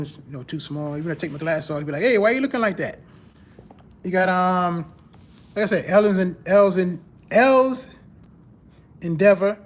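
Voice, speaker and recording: A man hosting a podcast in casual, conversational faith talk, greeting viewers and repeating his phrases. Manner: animated, rises in pitch when mocking church talk. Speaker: podcast host.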